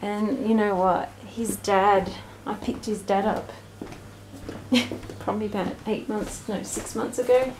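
A woman's voice: mid-range voice, steady tone, measured pace, noisy background. A woman, chatting casually and rambling in her backyard, often laughing. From Australia. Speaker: vlogger. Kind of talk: casual chat. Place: backyard with ducks and birds, outdoors. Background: birds and ducks.

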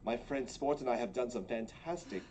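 A man's voice: mid-range voice, normal speed, darkish tone, slight background noise, lightly acted. Man doing a prim stammering character. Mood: polite. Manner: formal, stammering.

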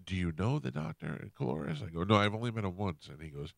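A man hosting a radio show, telling a story in a casual, animated way and acting out what people said. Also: fairly low pitch, quick pace, vocal fry, dry recording, clean studio sound. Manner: animated, acts out quotes in shifting voices. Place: radio studio. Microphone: studio microphone.

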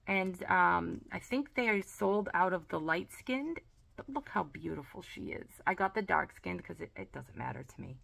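A woman's voice: fairly low pitch, lively intonation, normal speed, vocal fry, a bit bright. A woman chatting casually through a sticker haul unboxing, gushing and talkative, with frequent "like" and "oh". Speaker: planner and sticker vlogger.

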